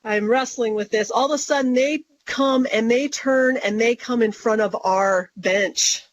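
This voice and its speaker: A woman's voice: fairly high pitch, unhurried, a little hiss or hum. A woman guest on an interview show, telling a story with animation and acting out what she and others said. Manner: animated, quotes herself and others in lively voices. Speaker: guest author. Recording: dull lo-fi recording.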